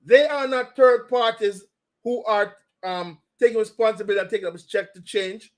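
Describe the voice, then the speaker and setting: Brief: chatty male host, fairly high voice, loose opinionated delivery. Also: fairly even intonation, normal speed. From Jamaica. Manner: rambling, opinionated, frequent fillers. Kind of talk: casual commentary show.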